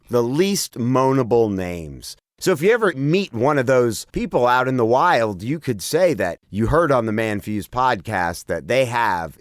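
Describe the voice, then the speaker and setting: Playful, animated podcast host man. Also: mid-range voice, no room sound, clean studio sound. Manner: playful, laughs often. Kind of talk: casual chat.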